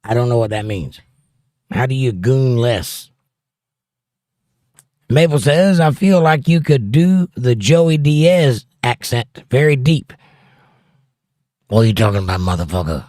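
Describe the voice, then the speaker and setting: Man, casual livestream host, mid-pitched voice, reads chat aloud, dry close sound. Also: animated, takes it slowly, long pauses, warm tone, no echo. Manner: reads viewer comments aloud and riffs on them.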